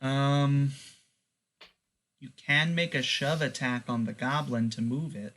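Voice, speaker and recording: A man running a tabletop game as game master, relaxed and loose, with lots of fillers. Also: medium pitch, slow, a little hiss or hum.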